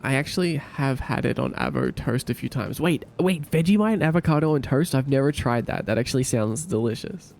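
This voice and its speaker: Over faint background music, a young Australian man reads comments on his live stream in a laid-back, jokey way, attempting silly impressions. He speaks in an Australian accent with a mid-range, darkish voice, expressive and a little fast, hardly pausing at all.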